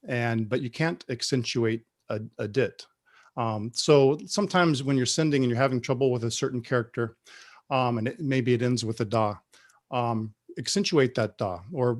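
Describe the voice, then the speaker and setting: Man presenting a radio webinar. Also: medium pitch. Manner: relaxed, explanatory, frequent fillers and restarts. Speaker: Morse code instructor.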